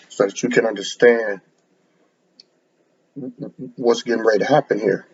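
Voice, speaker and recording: A man preaching in a low, slow, flat voice with a gravelly, husky grain. He lectures bluntly and stumbles over repeated words. The recording sounds dull and lo-fi. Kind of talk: sermon to camera.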